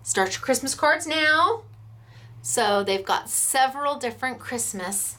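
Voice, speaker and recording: Woman, American accent, fairly high voice, enthusiastic, chatty craft demo, shop owner. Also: expressive, unhurried, pushed and bright. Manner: chatty and enthusiastic, gushing over products. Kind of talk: craft product demonstration.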